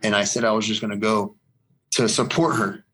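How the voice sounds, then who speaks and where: A man's voice: on the low side, fairly even intonation, fairly quick, sharp tone. A man giving a personal faith testimony as an interview guest, earnest and rambling, repeating phrases for emphasis.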